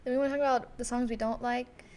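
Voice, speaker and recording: A woman's voice: fairly high pitch, steady tone, quick pace, a little mellow. Rambling young woman on a podcast. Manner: rambling, enthusiastic, many fillers like "like". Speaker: podcast co-host. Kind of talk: casual chat.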